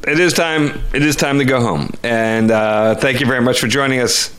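A man co-hosting a podcast, telling a story in a casual, animated way, often stumbling and repeating words. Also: mid-range voice, normal speed, smooth. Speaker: podcast co-host.

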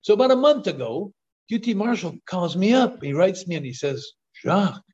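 Older man, podcast guest; eager, restart-heavy storyteller, slightly higher voice, muffled remote audio. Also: fairly quick. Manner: excited storyteller, repeats words on restarts. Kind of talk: storytelling interview talk. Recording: dull lo-fi call audio.

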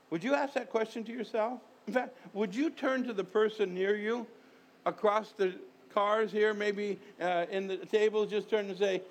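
A man's voice: sits high, fairly even intonation, moderate pace. A man, a pastor, preaching a conversational sermon, repeating himself and firing rhetorical questions at the congregation.

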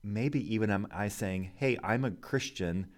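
A man co-hosting a podcast, explaining scripture in a measured, unhurried way. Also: fairly low pitch. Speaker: podcast co-host. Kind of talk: casual Bible discussion.

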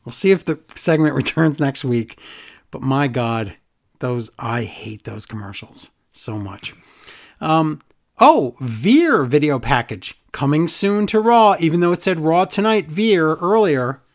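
A podcast host recapping a wrestling show in casual chat, sarcastic and animated, acting out quotes in other voices. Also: medium pitch, measured pace.

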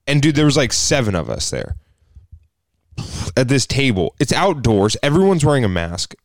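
In a relaxed podcast chat, this male co-host acts out the characters of his story, swearing freely and staying lively throughout. His mid-range voice moves at a moderate pace, captured with studio quality and no room sound.

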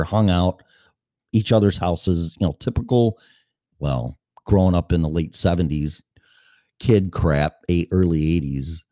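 Low-voiced man rambling bluntly. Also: dark tone, no echo, clean studio sound. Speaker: podcast host. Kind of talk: casual monologue.

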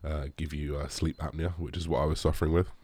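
A man's voice: rumbling low, level tone, quick pace, dark tone, slightly rough, no echo, studio quality. A young man, a bodybuilder, answering viewer questions in a rambling casual chat, full of fillers and the odd swear.

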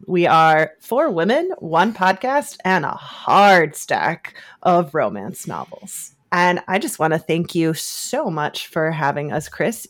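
A woman guesting on a podcast, chatting casually and laughing easily. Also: on the low side. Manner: giggly, relaxed.

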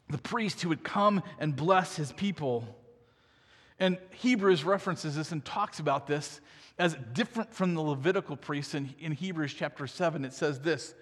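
High-voiced male pastor, echoing hall. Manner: conversational preaching with frequent "right?" asides. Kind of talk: sermon.

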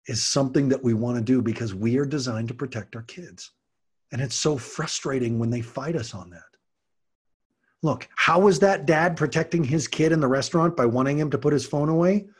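A middle-aged man hosting a podcast monologue, giving earnest parenting advice and acting out quotes from kids and parents. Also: mid-range voice. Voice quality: husky. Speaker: podcast host, parenting coach and martial arts teacher.

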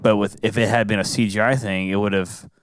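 A man's voice: lowish voice, fairly even intonation, fairly quick, slight background noise. A man hosting a casual movie-review chat, rambling along with lots of "like" fillers. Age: adult. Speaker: podcast host.

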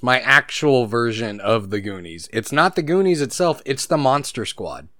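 Smooth-voiced man gushing about movies. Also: medium pitch, a bit bright, dry recording, studio quality. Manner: enthusiastic, nostalgic, fond of quoting movies. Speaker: podcast co-host. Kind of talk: casual chat. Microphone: own podcast microphone.

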